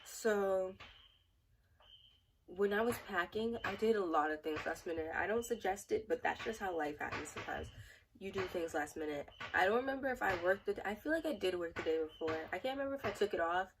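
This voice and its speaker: A woman's voice: medium pitch, lively intonation, a little fast, distant mic, noisy background. A young woman in a casual storytime vlog, rambling and chatty with many fillers. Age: young adult. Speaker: vlogger.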